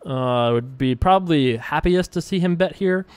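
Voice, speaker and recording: A man casually commenting on his own online poker play as host, rambling and relaxed with frequent filler words. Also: on the high side, moderate pace, clear, resonant tone, no room sound. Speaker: poker player and show host.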